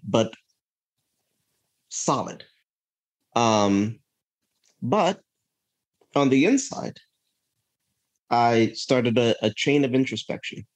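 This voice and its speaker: A man as a podcast guest, telling a personal story in an earnest, reflective way, often checking in with "right?" and restarting his sentences. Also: mid-range voice. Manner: earnest, thinks aloud with frequent "right?" and restarts.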